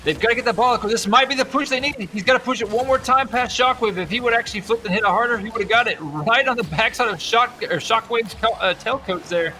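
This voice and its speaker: A young man giving energetic, jokey play-by-play commentary on a video game tournament. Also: very high voice, a little hiss or hum. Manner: energetic, jokey, quick exclamations. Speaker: esports commentator.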